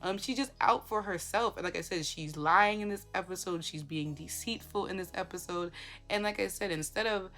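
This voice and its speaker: A woman giving casual commentary, talking in an animated way with lots of rhetorical questions and fillers. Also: on the low side, moderate pace.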